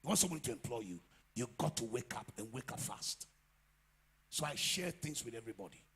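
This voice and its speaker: A man with a Ghanaian English accent preaching a sermon as pastor, swinging from quiet asides to loud shouts. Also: mid-range voice, lively intonation, a little fast, slightly rough. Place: church.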